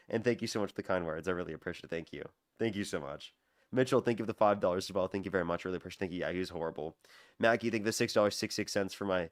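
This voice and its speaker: A young man hosting a live debate stream, talking casually and thanking donors in a quick, repetitive run. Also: low voice, no echo, studio quality. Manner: rapid-fire, repetitive thank-yous to donors. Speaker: livestream debate host. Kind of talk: casual livestream talk.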